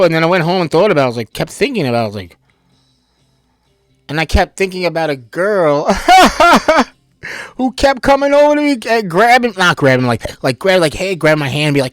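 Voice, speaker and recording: A man from New Jersey giving an animated, rambling personal monologue, swearing freely. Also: a little high, fairly quick, no room sound, studio quality. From Bayonne, New Jersey. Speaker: vlogger.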